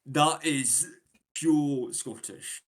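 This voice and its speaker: Casual host, Yorkshire man, middle pitch, chatty and upbeat, talks with many ums and restarts. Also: very slow. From England. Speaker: host presenting British slang. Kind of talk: casual chat.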